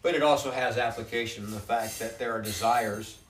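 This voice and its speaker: A man's voice: medium pitch, steady tone, a little fast, recorded from a distance, faint music behind. A man leading a Bible study, reading verses aloud and explaining them in a conversational way. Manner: reads scripture aloud and expounds it, conversational. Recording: roomy sound from off-mic.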